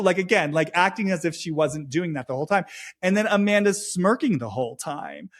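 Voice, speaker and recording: A man co-hosting a podcast in a casual chat, talking fast and acting out quoted lines in changed voices. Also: high voice, expressive. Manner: swears freely, says "like" often. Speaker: podcast co-host.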